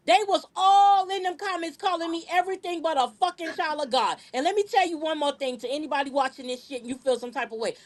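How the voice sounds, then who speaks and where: High-pitched, fierce woman ranting. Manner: aggressive, profane, emphatic; repeats words when heated. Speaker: podcast host. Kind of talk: live-streamed podcast rant.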